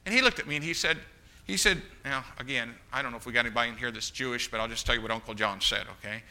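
A man's voice: mid-range voice, very fast, sharp tone. A middle-aged man preaching a sermon, telling a personal story with frequent restarts and asides to the congregation.

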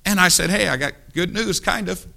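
A man preaching a sermon, telling a folksy story in a hushed voice and then rising into loud exhortation. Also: high voice, brisk, gravelly.

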